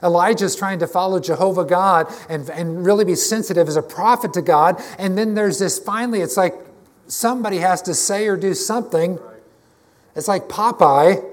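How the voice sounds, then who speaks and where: A man's voice: high-pitched, moderate pace. A man preaching a conversational, emphatic sermon to his congregation, often restarting his phrases. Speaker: pastor.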